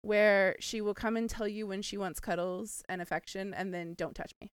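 A woman's voice: medium pitch, steady tone, normal speed, clear, resonant tone, dry recording. A young woman co-hosting a podcast, chatting casually in a blunt, joking way and laughing often. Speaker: podcast co-host. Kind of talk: casual chat.

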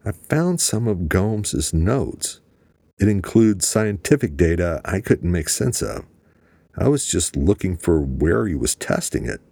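Narrator plays a detached, icy woman; flat, measured delivery, slightly raised pitch. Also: gravelly, breathy edge, no echo, clean studio sound, heavily acted. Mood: calm. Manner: flat, calm, controlled. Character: cold, calm woman with sociopathic streak.

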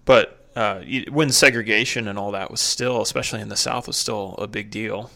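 A man co-hosting a podcast, with a low, gravelly voice that has a bright, tense edge. He hesitates often and gropes for his words in casual conversation. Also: steady tone, a little fast. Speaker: podcast co-host.

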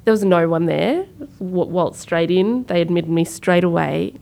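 Woman, thirties, podcast co-host; low, slightly fried voice, chatty storyteller who acts out quotes. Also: unhurried, creaky, darkish tone. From Sri Lanka. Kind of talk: casual conversational storytelling.

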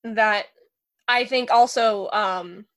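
A woman's voice: fairly high pitch, takes it slowly, a bit bright. A woman chatting casually as a podcast co-host, hesitant and full of fillers.

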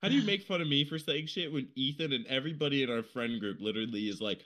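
A man's voice: mid-range voice, fast talker, fairly bright tone. A young man co-hosting a podcast in casual chat, loose and joking and laughing often. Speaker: podcast co-host.

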